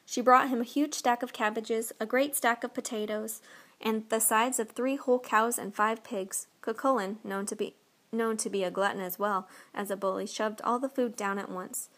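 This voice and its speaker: A woman reading a folk tale aloud as narrator, in an expressive, lilting storytelling manner. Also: fairly high pitch, normal speed.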